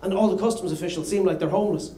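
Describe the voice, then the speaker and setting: A man's voice: high voice, racing, warm tone. An Irish man doing a brash, sweary stand-up routine on a comedy club stage. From Ireland. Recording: echoey live venue with noise.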